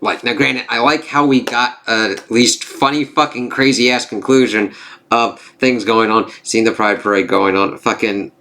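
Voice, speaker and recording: A man's voice: mid-range voice, steady tone, normal speed, sharp tone. A man casually recapping a TV episode, rambling and swearing, full of filler phrases. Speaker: TV reviewer.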